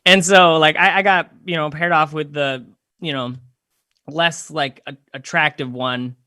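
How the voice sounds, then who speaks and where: Young guy, bright voice, dry close sound, rambling comic storyteller. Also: a little high, fairly even intonation, measured pace, no echo. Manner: rambling, self-deprecating, lots of fillers. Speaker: comedian telling a story. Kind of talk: casual storytelling.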